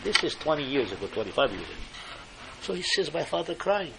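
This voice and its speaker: An older man from Morocco, giving an animated, emphatic storytelling sermon and slipping Hebrew phrases into his English. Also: on the high side, brisk, gravelly. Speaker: speaker giving a religious talk.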